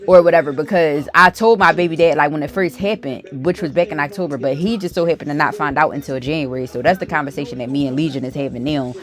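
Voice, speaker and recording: A woman vlogger telling a story in a casual, animated and profane way, full of fillers. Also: deep voice, fast, few pauses.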